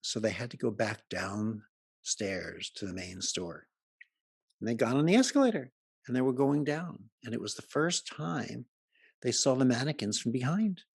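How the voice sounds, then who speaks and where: A man tells jokes and anecdotes to a live audience in a chatty, amused way. His voice has a gravelly, fry-edged texture. The sound is dry and close, with no room echo. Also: mid-range voice, animated, normal speed. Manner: joking, chatty storyteller who laughs at his own stories. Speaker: speaker presenting to a live audience. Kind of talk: humorous talk with anecdotes and jokes. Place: live event before an audience.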